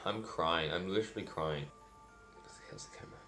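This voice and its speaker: Deep-voiced man rambling through a food review. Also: normal speed, sharp tone, soft background music. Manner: dry, self-deprecating, rambling with fillers. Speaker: food vlogger. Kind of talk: casual food review vlog.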